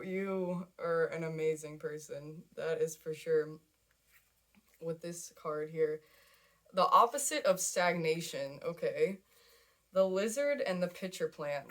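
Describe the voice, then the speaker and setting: A young woman giving a casual tarot reading to camera, chatty and emotional, repeating words and laughing often. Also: on the low side. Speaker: tarot card reader.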